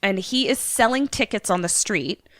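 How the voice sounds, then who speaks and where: A woman co-hosting a podcast who recaps a movie in casual chat, animated and swearing now and then. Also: mid-range voice, moderate pace, no echo, clean studio sound. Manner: animated storyteller, swears casually, acts out lines. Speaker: podcast co-host.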